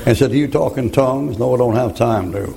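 A man's voice: mid-range voice, fairly quick, vocal fry, dark tone, poor audio. A man, preaching a folksy, joking sermon and laughing at his own stories.

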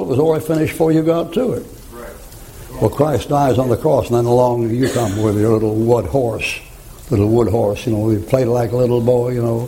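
A man's voice: mid-range voice, creaky, mellow, a little hiss or hum, rough recording. A man, preaching a folksy, joking sermon and laughing at his own stories.

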